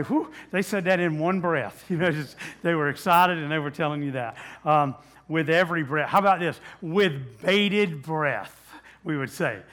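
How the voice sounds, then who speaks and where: A man's voice: on the high side, fairly bright tone. A man preaching a sermon as pastor, in a conversational way with many fillers and restarts, asking the audience questions.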